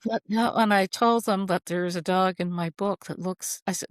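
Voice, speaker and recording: Chatty low-voiced woman author. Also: fairly even intonation, moderate pace, hardly any pauses, dry recording, clean studio sound. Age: older. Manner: chatty, storytelling, acts out quoted voices. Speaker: guest author. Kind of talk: casual interview chat.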